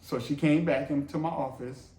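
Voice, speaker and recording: A man's voice: a little high, steady tone, moderate pace, darkish tone, a little hiss or hum. A man telling a story casually as co-host, acting out quoted lines with lots of swearing. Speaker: co-host, husband. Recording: echoey room.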